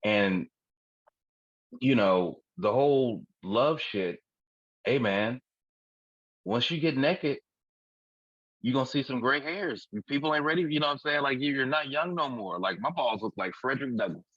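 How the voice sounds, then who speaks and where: A forties-aged podcast co-host speaks at a measured pace in a mid-range voice that's a bit bright with a breathy edge, pausing often. His candid comedic chat is frank and profane, often punctuated by laughs at his own jokes. The recording is dull, dry and lo-fi.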